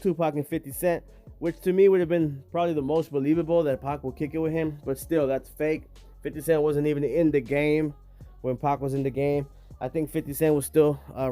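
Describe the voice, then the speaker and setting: A man's voice: fairly high pitch, mellow. A man hosting a casual vlog, talking straight to his viewers in emphatic, slangy street talk. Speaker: host.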